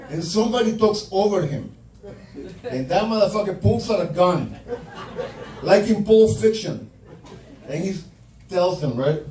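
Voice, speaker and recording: A man's voice: high voice, expressive, moderate pace, a little hiss or hum. A male stand-up comedian doing a profane, punchy set and acting out quotes from his stories. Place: comedy club stage. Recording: roomy club sound from far off, loud crowd laughter. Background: audience laughing.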